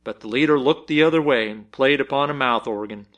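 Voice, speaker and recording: A man reading a story aloud as narrator, telling it in an expressive, measured way. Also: mid-range voice.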